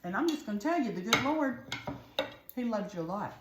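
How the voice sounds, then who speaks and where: A woman's voice: on the high side, animated, a little fast, heavy background noise. A woman with a Southern US accent hosting a casual home cooking demonstration, chatty and folksy. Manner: chatty, folksy, keeps saying "y'all". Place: home kitchen at the stove. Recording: echoey kitchen with loud frying sizzle. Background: frying and sizzling pan.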